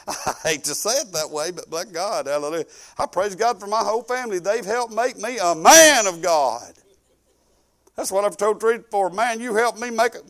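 A middle-aged man preaching a folksy storytelling sermon, animated and colloquial, swinging from loud bursts to hushed asides. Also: high-pitched. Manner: colloquial, rambling with restarts.

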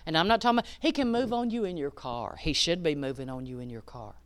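A woman preaching a sermon, rising to loud emphatic peaks and dropping to hushed asides. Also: sits low, fast.

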